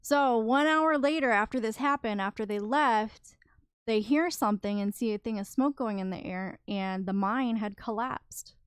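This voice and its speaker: A woman's voice: fairly high pitch, normal speed, clean tone, dry recording, studio quality. A woman co-hosting a podcast, telling a story in casual chat with many fillers. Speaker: podcast co-host.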